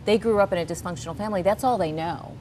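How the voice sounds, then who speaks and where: A woman's voice: mid-range voice, very fast, a loud crowd. A woman appearing as a guest on a cooking show, talking earnestly and eagerly about her counseling ministry. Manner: earnest, enthusiastic. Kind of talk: talk show guest chat.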